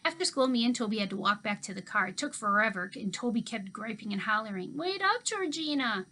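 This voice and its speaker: A woman teacher reading a children's novel aloud in expressive first-person storytelling. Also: mid-range voice, quick pace.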